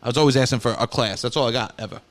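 A man's voice: medium pitch, racing. A young man from New York, an improv comedian, rambling and swearing casually as a podcast guest.

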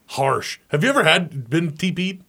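A man co-hosting a sports talk show, trading banter and quick reactions. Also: fairly high pitch, lively intonation, pushed and bright, slightly rough. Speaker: sports radio co-host.

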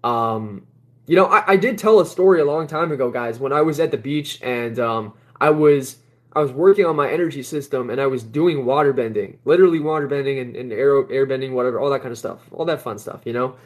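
Speaking a little fast in a medium-pitched voice, a man runs a spiritual livestream in a casual way. His talk rambles and repeats, he laughs a lot, and his tone is blunt and dismissive.

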